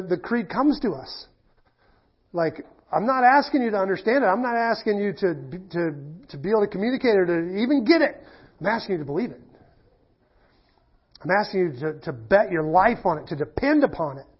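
A middle-aged man preaching with a high, husky voice that trips over its own restarts as he tells a story. He turns emphatic and earnest when he presses his point. The sound is slightly dull and lo-fi. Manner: conversational storytelling with frequent restarts. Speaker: pastor. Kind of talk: sermon.

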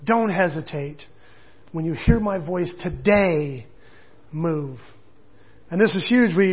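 Male pastor, high and husky voice, casual sermon delivery, dull lo-fi sound. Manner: conversational, with casual asides and quoted voices.

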